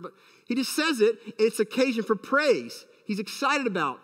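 A man's voice: very high-pitched, lively intonation, moderate pace, sharp tone, big-room sound. A man preaching a sermon as a pastor, emphatic and full of rhetorical questions.

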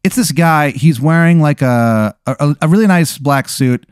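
A man's voice: a little high, a little slow, clean tone, no echo. A man running an improvised tale as game master in a mid-range voice. He talks loosely and swears freely, with many fillers. The sound is dry and close, with no room around it. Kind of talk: improvised storytelling, casual chat.

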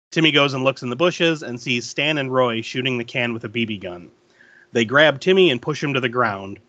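A man's voice: medium pitch, a bit bright, no echo, highs cut off. A man hosting a podcast, casually retelling a movie scene by scene, laughing often and acting out the lines he quotes. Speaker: podcast host recapping a movie. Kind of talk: casual chat.

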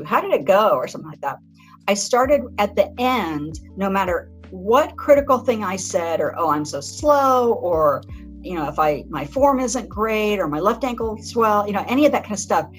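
Woman, interview guest, reflective, halting, faint background music. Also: medium pitch, rough recording. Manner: reflective, halting, many restarts. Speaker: author and guest. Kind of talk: conversational interview.

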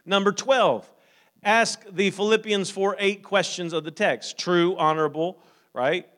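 A man preaching a sermon as pastor, growing loud and emphatic at times, then calm and practical with plain fillers and repeats. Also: high voice, unhurried. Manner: frequent fillers and repeated words.

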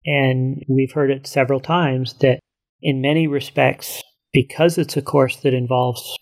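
A male college instructor calmly explaining the course he co-teaches, in a measured conversational way. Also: medium pitch. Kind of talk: casual conversation.

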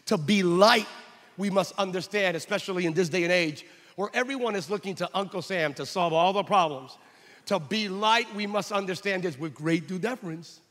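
A pastor preaching in a high, ringing voice, pressing his points with emphasis. He drifts into stories and acts out the voices in them. The sound carries a long reverb tail from a large hall. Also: a little fast, a bit bright. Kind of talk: sermon with personal storytelling.

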